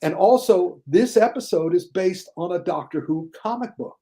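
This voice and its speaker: Enthusiastic man with a mellow voice. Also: expressive, moderate pace. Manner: enthusiastic, mocks critics in a high whiny voice. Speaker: guest critic. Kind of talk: casual podcast chat.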